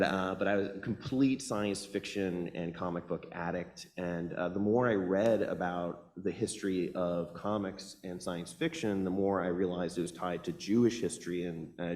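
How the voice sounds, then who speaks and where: A man's voice: low-pitched, a little mellow. A man who grew up in Hawaii, introducing himself as a comics writer on a panel, enthusiastic and rambling with fillers. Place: event hall. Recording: long hall reverb.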